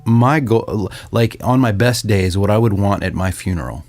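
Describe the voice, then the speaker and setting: A man, a songwriter and author, talking casually and thoughtfully, with pauses and easy laughter. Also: fairly low pitch, darkish tone, soft background music. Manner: reflective, hesitant, laughs easily. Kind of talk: casual conversation.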